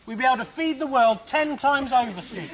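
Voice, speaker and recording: A man's voice: extremely high pitch, brisk, very noisy. An English man, half of a comedy double act, bantering in a silly, goading way. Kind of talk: comic banter.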